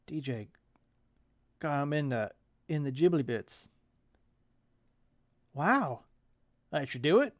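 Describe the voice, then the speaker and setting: A man's voice: a little high, very animated, slow pace, pauses often, dry recording, clean studio sound. A man in his thirties reading a comic aloud and commenting on it in a chatty way, with wry asides.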